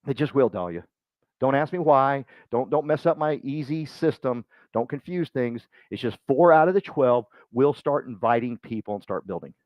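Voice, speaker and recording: A man's voice: medium pitch, lively intonation, normal speed, dry recording, dull audio. A man giving a loose, joking motivational talk to a room, rambling and acting out the voices he quotes. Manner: rambling, self-mocking, acts out quoted voices. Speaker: speaker at a business meeting.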